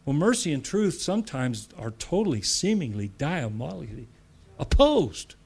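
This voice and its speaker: His medium-pitched voice is creaky and slightly rough, with big pitch swings, at a normal speed. The man, from the United States, preaches to church leaders emphatically and conversationally, with asides, repeated phrases, and loud declarations.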